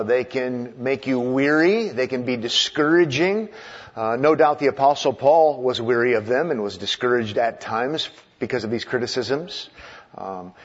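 Man, guest preacher, husky voice, muffled lo-fi church recording, teasing then earnest. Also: mid-range voice. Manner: playful, teasing the congregation before turning earnest. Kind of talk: sermon. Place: church, speaking from a podium.

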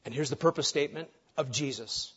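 A man preaching a sermon with emphasis, dropping soft on key phrases and rising when animated. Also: fairly high pitch, brisk, slightly rough, highs cut off. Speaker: pastor.

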